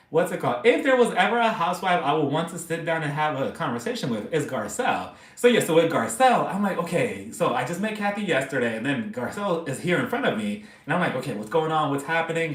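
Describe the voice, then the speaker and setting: A man hosting a casual live stream, chatting excitably and gossiping about reality TV between laughs. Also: a little high, fast, echoey room.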